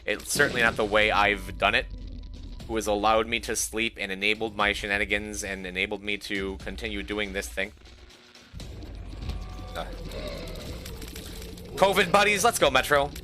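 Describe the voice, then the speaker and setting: A sleep-deprived man talks loosely to his stream chat in a lowish voice, trailing off and repeating words as he rambles. Game music plays clearly behind him throughout. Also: bright, forceful tone.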